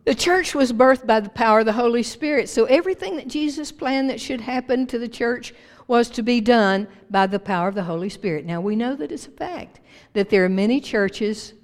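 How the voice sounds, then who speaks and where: A woman pastor preaching a sermon to her church with emphatic swings in pitch and volume. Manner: emphatic preaching with big rises and drops in pitch and loudness. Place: church sanctuary. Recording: long reverb of a church hall.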